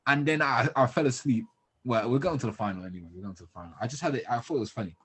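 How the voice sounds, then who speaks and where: A man's voice: medium pitch, very fast, husky. A man from Birmingham with a Birmingham accent, co-hosting a casual football podcast in a laid-back way and laughing often. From Birmingham, England. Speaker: podcast co-host.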